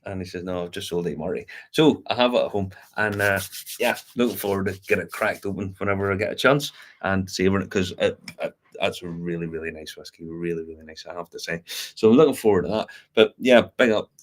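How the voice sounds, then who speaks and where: A man's voice: deep voice, quick pace. A man chatting casually as a podcast co-host, telling stories with plenty of laughs and swearing. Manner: laughing storyteller, swears freely. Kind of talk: casual chat.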